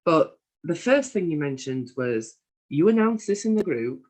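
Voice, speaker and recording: A woman hosting an interview, asking questions in a measured, deliberate way. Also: low voice, sing-song, a little mellow. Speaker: interviewer, host.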